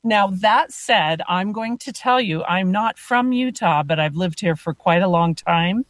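A woman's voice: medium pitch, expressive, unhurried, no room sound. A woman host asking questions and telling a personal story in a conversational way. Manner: conversational, anecdotal. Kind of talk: radio interview chat.

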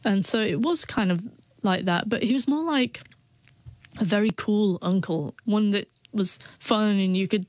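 A woman's voice: mid-range voice, a little slow, darkish tone, no room sound. A woman tells a personal story in an interview, stuttering often and restarting her words. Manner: stutters, with repeated sounds and restarts. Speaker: interview guest.

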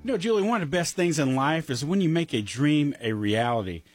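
A man's voice: on the high side, expressive, fairly quick, slightly rough, no room sound, faint music behind. A man co-hosting a radio show, reading an upbeat ad. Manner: laughs often, upbeat ad delivery. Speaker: radio co-host. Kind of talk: casual radio chat and ad reading.

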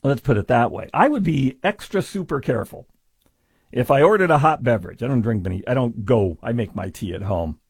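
A man giving sarcastic commentary on a news story, mocking and full of deadpan asides. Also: medium pitch, brisk, gravelly, slightly rough, no room sound, clean studio sound.

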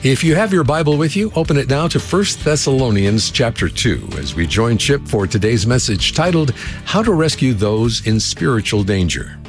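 A man delivers a scripted program introduction in a polished announcer's voice. His inflection moves in lively rises and falls. Guitar music plays clearly beneath him. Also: medium pitch, normal speed, hardly any pauses.

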